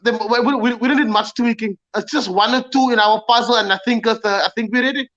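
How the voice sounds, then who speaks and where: Man, high bright voice, halting casual panelist, dull lo-fi sound. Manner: halting, repeats words, many fillers. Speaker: panelist, Liverpool supporter. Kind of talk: casual football chat. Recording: dull lo-fi audio.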